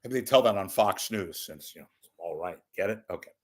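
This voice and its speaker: An older man ranting at home in a rambling, profane, wisecracking monologue, swinging between loud bursts and muttered asides. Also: low-pitched, lively intonation, brisk. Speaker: media commentator. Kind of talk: off-the-cuff monologue.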